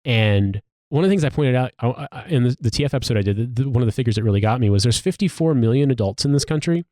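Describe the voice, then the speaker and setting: A man's voice: fairly low pitch, dark tone, dry recording, clean studio sound. An American man hosting a podcast, talking in casual, profane, ranting commentary. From United States. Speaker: podcast host.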